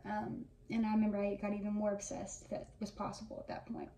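A woman's voice: mid-range voice, steady tone, brisk, mellow. Gushing young woman, roomy distant sound. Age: around 20. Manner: gushing fan storytelling with many fillers. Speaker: vlogger. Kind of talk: casual reminiscing monologue. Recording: echoey room, mic at a distance, faint noise.

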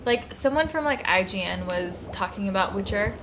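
A woman's voice: mid-range voice, lively intonation, moderate pace, background noise. A woman co-hosting a casual let's-play, playful, swearing freely and laughing often. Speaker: co-host of a gaming channel.

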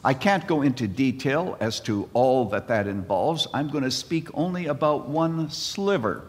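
A man in his seventies giving a conference sermon, an animated storyteller with comic timing who mixes jokes into his message. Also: mid-range voice, unhurried. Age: 70s. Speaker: conference speaker. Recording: reverberant hall.

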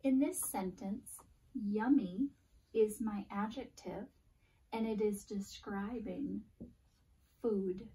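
A woman teaches phonics to young pupils, stretching out each letter sound with deliberate care. Her voice is soft and mellow, and she speaks slowly. She is recorded from a few steps away from the camera in a classroom. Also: mid-range voice, fairly even intonation, recorded from a distance.

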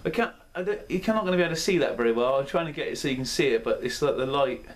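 A man's voice: mid-range voice, expressive, very fast. A man hosting his own beer review video, talking in a chatty, rambling and self-deprecating way. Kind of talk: casual chat. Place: indoor room at home.

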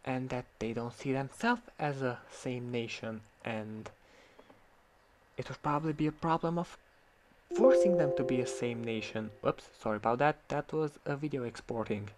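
A man's voice: mid-range voice, moderate pace, heavy background noise. A man from Croatia, ranting in sarcastic, heated commentary about an online argument and swearing freely. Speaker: vlogger.

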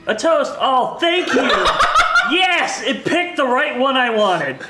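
Goofy high-voiced man in a roomy echo. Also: big pitch swings, takes it slowly, pushed and bright, faint music behind. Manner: goofy, laughs through his words. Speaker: player in a party game. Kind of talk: improvised comic speech on a livestream.

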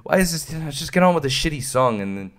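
A man's voice: a little high, animated, fast talker. A young man hosting a podcast, rambling in casual chat, swearing a lot and laughing often. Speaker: podcast host.

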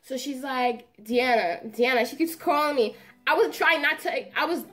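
A young woman recounts a story in a casual vlog. Her voice sits a little high, and she tells it with lively drama and slangy asides. Soft music plays faintly behind her. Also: moderate pace. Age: young adult. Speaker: vlogger.

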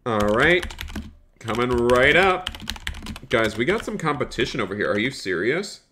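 Excitable, bright-voiced male game streamer. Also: mid-range voice, normal speed, slight background noise. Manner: excitable, chatty, talks straight to his chat; repeats phrases, calls out in a raised shop-counter voice. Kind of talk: live gaming stream commentary.

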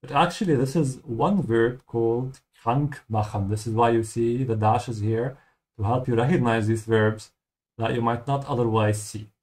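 A man's voice: medium pitch, steady tone, moderate pace, darkish tone. Man patiently explaining German words. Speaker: German language teacher. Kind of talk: game playthrough language lesson.

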